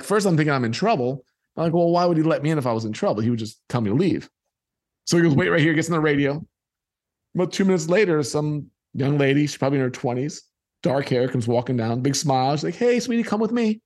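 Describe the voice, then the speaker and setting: A man's voice: on the high side, darkish tone. A middle-aged man telling a personal childhood story and acting out the people in it.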